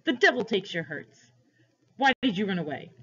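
Gruff, mocking bearded giant, read by a woman; booming questions, husky edge. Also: sing-song, normal speed, fairly bright tone. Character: big gruff bearded man, mocking and stern. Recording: dull lo-fi recording.

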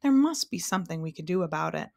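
A woman's voice: lowish voice, animated, quick pace, vocal fry. A woman voicing a sad, blustering king in a storybook read-aloud, speaking in a stately, sorrowful way. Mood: regal.

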